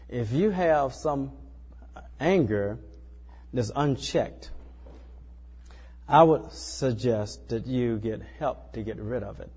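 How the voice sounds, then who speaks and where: A man with a husky, slightly breathy voice delivers a sermon in a folksy, conversational way, often tossing in "you know" and "you see." His voice carries a long hall reverb, as if heard through a church sanctuary. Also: mid-range voice, expressive, slow, darkish tone. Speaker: preacher. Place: small church.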